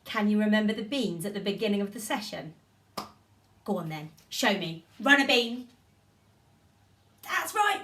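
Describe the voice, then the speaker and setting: A woman teaching a drama session to young children, giving animated, coaxing instructions and encouragement. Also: medium pitch, moderate pace, pauses often, far from the mic, a little hiss or hum. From United Kingdom.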